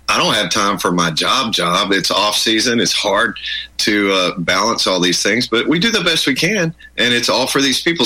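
A man talking as a guest in an interview, with a very bright, forceful voice that carries a husky edge. He tells stories emphatically and often repeats himself as he builds his point. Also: fairly low pitch, low-quality recording. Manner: emphatic, storytelling, repeats words. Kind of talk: conversational interview.

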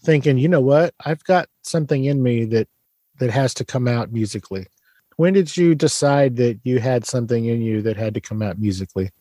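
A man's voice: mid-range voice, a little fast, warm tone, no echo. A man from San Antonio hosting a podcast, interviewing his guest in a playful, teasing way. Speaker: podcast host. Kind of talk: casual interview.

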